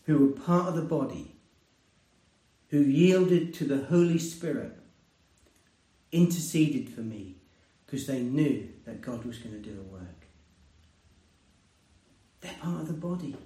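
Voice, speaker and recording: A male preacher delivers a sermon in an earnest, conversational way, swinging from loud emphatic peaks to quiet, hushed lows. His voice sits a little high. He is heard from some distance in a reverberant room. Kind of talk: sermon with personal testimony. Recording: roomy, distant mic.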